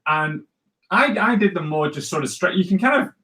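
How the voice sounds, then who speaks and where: Casual male cartoonist teaching live, slightly high voice, rambling and full of fillers. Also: expressive, normal speed, pushed and bright. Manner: rambling, chatty, many fillers and restarts. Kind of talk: casual live drawing tutorial.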